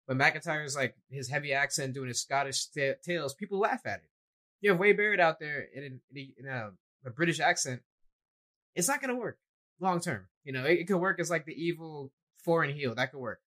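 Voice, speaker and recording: A man's voice: on the high side, animated, brisk, sharp tone, rough recording. A man co-hosting a casual wrestling discussion, giving opinionated, rambling takes and shrugging points off. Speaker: podcast co-host.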